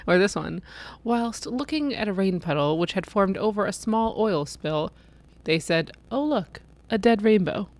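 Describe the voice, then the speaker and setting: A woman's voice: mid-range voice, lively intonation, unhurried, darkish tone. A woman in her thirties chatting casually and reading funny posts aloud, laughing often. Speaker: co-host.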